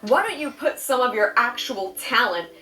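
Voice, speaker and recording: A woman's voice: on the high side, lively intonation, normal speed, over music, rough recording. A woman in a played clip, answering online comments in a snarky, sarcastic way. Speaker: YouTube commentator.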